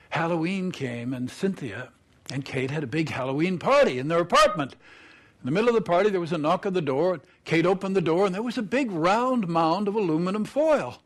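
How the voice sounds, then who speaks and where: A man telling a story aloud in a lively, animated way. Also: on the high side, normal speed.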